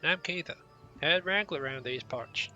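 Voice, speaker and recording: A man's voice: on the high side, moderate pace, bright, forceful tone, muffled recording, voice pushed up. Man reading as a welcoming ranch wrangler woman. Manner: reads the quest text aloud in a put-on accent of his own. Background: game music.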